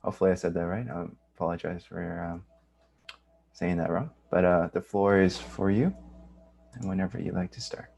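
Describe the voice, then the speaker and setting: A man's voice: low voice, steady tone, moderate pace, vocal fry, darkish tone. A man hosting a virtual graduation, politely introducing student speakers with hesitant fillers. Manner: polite, hesitant, apologetic about names. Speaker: ceremony host.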